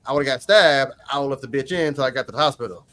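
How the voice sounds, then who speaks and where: Animated man telling stories, dry mic. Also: racing, dry recording. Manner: animated storytelling, swings into high mocking voices for quotes; loose, slangy talk with many fillers. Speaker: host. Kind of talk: casual chat on a livestream.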